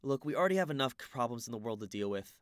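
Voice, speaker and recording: A man's voice: medium pitch, expressive, fast talker, clean tone, no room sound, studio quality, close to an everyday voice. A man voicing a polite, confident teenage boy in an audiobook reading. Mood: composed.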